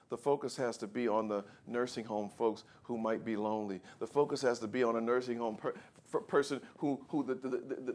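A man pastor preaching a sermon, swinging between quiet, low passages and loud, high, shouted peaks.

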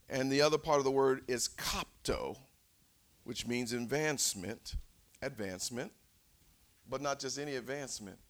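A male preacher with a slightly high voice delivers a sermon, swinging from shouts to near whispers and calling out for responses from the congregation.

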